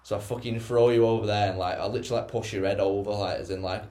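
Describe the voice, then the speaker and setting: A man's voice: fairly low pitch, steady tone, racing, dark tone. A man, co-hosting a podcast, rambling through a story with lots of "like" and swearing. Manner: rambling, filler-heavy, swearing. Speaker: podcast co-host. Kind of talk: casual storytelling chat. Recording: roomy echo.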